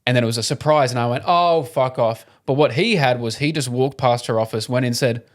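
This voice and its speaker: A young Australian man co-hosting a podcast, telling a story in an animated, casual way, swearing freely and laughing often. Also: medium pitch, fast talker. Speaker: podcast co-host. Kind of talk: casual chat.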